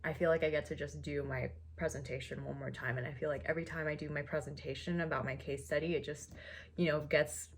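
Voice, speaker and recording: A woman's voice: sits low, fairly even intonation, fast talker, a little hiss or hum. A young woman talking casually to camera in a vlog, chatty and a little nervous, with many fillers. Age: young adult. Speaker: vlogger.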